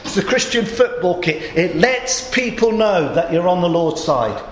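A man preaching a sermon in a conversational storytelling way, his voice a little groggy and hoarse. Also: high voice, animated, moderate pace, roomy sound, slight background noise.

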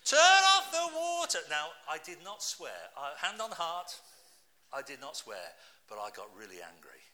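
Middle-aged British preacher, man, sharp bright voice, lively anecdotal sermon delivery. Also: medium pitch, measured pace. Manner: lively storytelling, asks the congregation rhetorical questions.

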